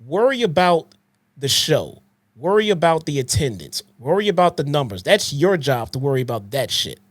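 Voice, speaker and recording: A man co-hosts a podcast and lectures emphatically, peppering his points with swearing. His voice sits fairly high. The recording is dry and close, with no room sound. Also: big pitch swings, normal speed, no echo. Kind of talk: heated podcast rant.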